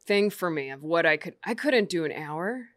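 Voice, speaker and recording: Woman comic, lowish voice, expressive pitch, casual chat, dry close mic. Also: dry recording. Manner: lively, quick, breaks into sung lines. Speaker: comedian guest.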